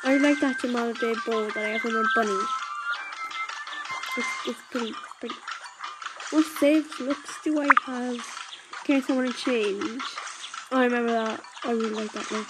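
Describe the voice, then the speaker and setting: Female gameplay commentator, chatty and excitable, high-ish voice, loud game music underneath, headset mic. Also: moderate pace, long pauses, poor audio. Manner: chatty and excitable, talking to viewers while playing. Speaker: gameplay video maker.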